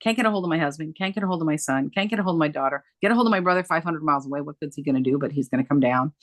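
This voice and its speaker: A middle-aged woman speaking as an interview guest, her delivery animated and emphatic as she recounts events and leans on repetition. Her voice sits at an ordinary pitch for a woman. The sound is dry and close, with no room echo. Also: racing. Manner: animated, emphatic, repeats phrases for effect. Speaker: guest, dementia care coach. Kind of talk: conversational interview storytelling.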